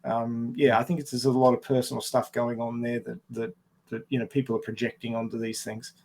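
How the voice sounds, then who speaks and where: A man co-hosting a podcast in casual chat, animated and laughing often, restarting sentences as he talks. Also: medium pitch, fairly quick. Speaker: podcast co-host.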